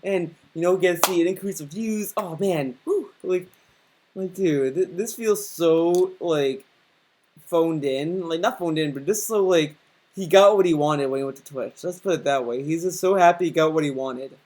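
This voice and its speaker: A man's voice: fairly high pitch, moderate pace, a little mellow. A man giving a casual, sarcastic reaction commentary on a streamer's video, mocking him and swearing often.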